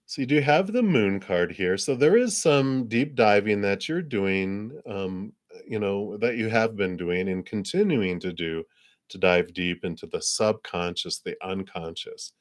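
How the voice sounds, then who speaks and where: A man giving live tarot card readings in a gentle, spiritual way, chuckling often and using many fillers. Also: lowish voice, expressive, a little slow.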